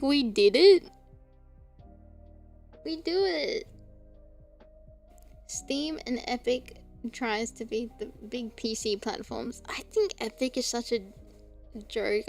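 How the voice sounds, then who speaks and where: A young woman streamer chats casually, her voice sitting high. She laughs a lot and drops the odd swear word. Faint music plays quietly underneath. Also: a little slow. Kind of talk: casual chat.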